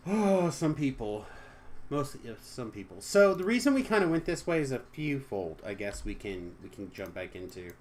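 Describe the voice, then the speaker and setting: A young man chatting casually with viewers on a live game stream, joking and trailing off into quiet asides. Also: mid-range voice, very animated, fairly quick, few pauses.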